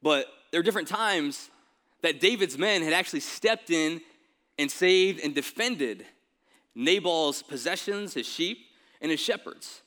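A man preaching a sermon in a relaxed, everyday way, as if chatting with the congregation. His voice sits a little high for a man and sounds bright and forceful. He keeps tossing in quick asides to the listeners. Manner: casual, conversational preaching with frequent "right?" asides. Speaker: pastor.

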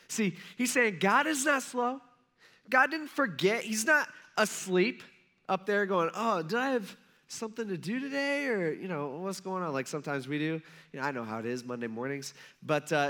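Male pastor from the US, chatty sermon delivery, higher pitch. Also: sharp tone. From United States. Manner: conversational preaching, acts out quotes.

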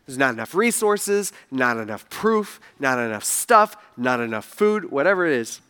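A male pastor preaching a sermon in an animated way, acting out the voices he quotes and swinging between loud and soft. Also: medium pitch, normal speed, clean tone.

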